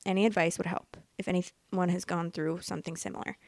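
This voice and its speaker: A woman in her late twenties hosting a podcast, chatting casually and reading posts aloud in a candid, excitable way, swearing freely. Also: on the low side, brisk, dry recording. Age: late 20s. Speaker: podcast host reading Reddit stories.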